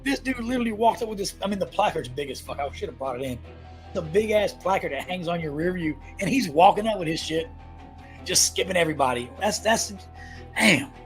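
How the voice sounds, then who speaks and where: A husky, rapid-fire man tells profane, animated stories as a podcast co-host. His voice sits a bit high for a man. Faint music plays softly behind him. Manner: fast, animated storytelling, heavy swearing. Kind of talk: casual profane podcast banter.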